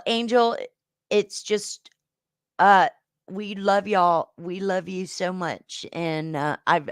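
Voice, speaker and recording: A woman hosting a livestream game show, chatting casually with viewers and giving rambling, affectionate shout-outs with lots of fillers. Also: medium pitch, dry recording, clean studio sound.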